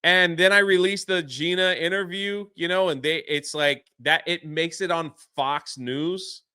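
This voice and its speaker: Male podcast guest, animated storyteller, slightly high and bright, dry. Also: a little slow, clear, resonant tone, no echo. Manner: excitable, swears mildly, acts out quotes.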